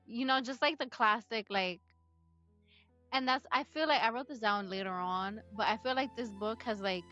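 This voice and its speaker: A woman's voice: on the high side, moderate pace, pushed and bright, dull audio, faint music behind. A woman co-hosting a book club podcast, giggly and casual, chatting in loose slang. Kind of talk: casual chat.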